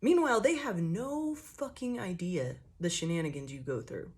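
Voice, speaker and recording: A woman's voice: fairly low pitch, expressive, moderate pace, darkish tone. A young woman giving a casual tarot reading, blunt and profane, ranting with lots of fillers, jittery from coffee. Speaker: tarot reader.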